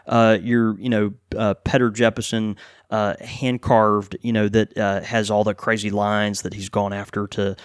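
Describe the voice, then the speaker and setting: A man's voice: lowish voice, flat delivery, smooth, no echo, clean studio sound. A man co-hosting a casual pipe shop podcast, describing products with lots of fillers and restarts. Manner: halting, many fillers and restarts.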